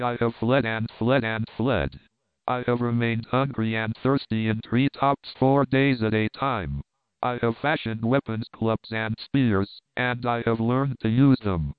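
A man's voice: medium pitch, clear, resonant tone, no echo, phone-quality sound, close to an everyday voice. A man voicing a haggard, despairing officer, speaking gloomily. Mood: gloomy. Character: haggard, desperate, gloomy German officer, male.

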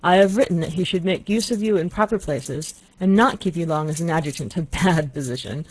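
A narrator voicing a stern, irascible old male prince in an audiobook, speaking in clipped, gruff bursts that rise into angry shouts. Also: mid-range voice, a little fast, no echo, lightly acted. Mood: gruff instructing. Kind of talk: audiobook character voice.

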